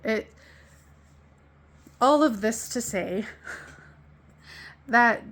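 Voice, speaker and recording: A woman's voice: fairly high pitch, drawn-out words, fairly bright tone. Woman venting about her ex, raw and emotional, cusses a lot, laughs it off. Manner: emotional, swearing, laughing through pain. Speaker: vlogger. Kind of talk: candid personal storytelling.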